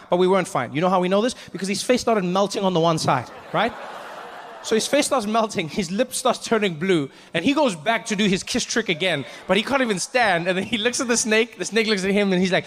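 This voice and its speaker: High-voiced man telling a stand-up story. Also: a little fast. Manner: animated, acts out characters. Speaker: stand-up comedian.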